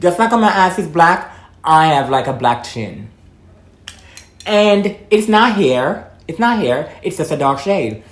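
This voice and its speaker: A woman's voice: fairly low pitch, very animated, slow pace. A young trans woman from Jamaica, vlogging in a blunt, outspoken casual monologue, swearing freely and talking while eating. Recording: echoey room.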